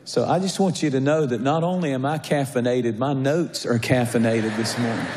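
A man's voice: medium pitch, normal speed, noisy background. A male pastor, preaching a sermon in a conversational, jovial way that rises to a fervent reading. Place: large church sanctuary. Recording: echoey church hall.

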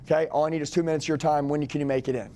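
A man with a somewhat raised voice coaches a room of salespeople. He talks in a forceful, commanding way and hammers home each phrase by repeating it. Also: fairly high pitch, steady tone, rapid-fire. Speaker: sales trainer. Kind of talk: energetic live sales training.

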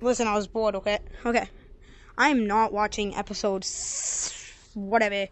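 A young female gamer giving rambling, excitable commentary over her gameplay and yelling when she fails. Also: mid-range voice, normal speed. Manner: excitable, yells at failures, rambling. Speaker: gaming channel creator.

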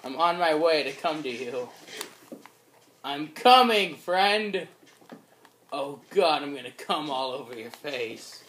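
A man's voice: medium pitch, moderate pace, hardly any pauses, fairly bright tone, slight background noise. A man chatting casually while playing a video game, goofy and prone to silly made-up songs. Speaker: gamer. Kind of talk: casual gaming chat.

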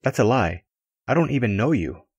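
A man's voice: mid-range voice, sing-song, normal speed, a little mellow, slightly rough, no room sound. A man reading aloud and voicing a bitter, suspicious, tormented male spirit with a sarcastic, defiant edge.

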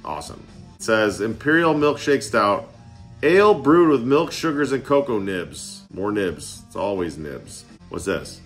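Chatty buzzed guy doing a beer tasting vlog at home, bouncy pitch, some soft music in back. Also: animated, normal speed. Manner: chatty, joking, getting tipsy and slurring. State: tipsy. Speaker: beer vlogger. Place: home living room.

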